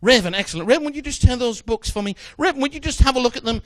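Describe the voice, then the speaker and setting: A man's voice: very high voice, animated, very fast, a bit bright, no room sound. A man performing a magic routine, chatting jokily with a volunteer from the audience on stage. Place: stage in front of a live audience.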